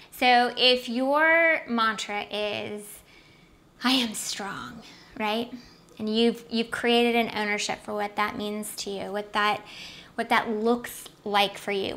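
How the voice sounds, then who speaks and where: A woman's voice: fairly high pitch, sharp tone. A woman hosting a self-help video series, giving an upbeat motivational talk to the camera and often checking in with "right?".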